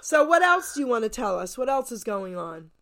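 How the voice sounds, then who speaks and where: An older woman with a New Jersey accent hosts a radio chat in a slightly high voice. She talks in a lively, chatty way and laughs often. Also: brisk. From New York. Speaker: radio host.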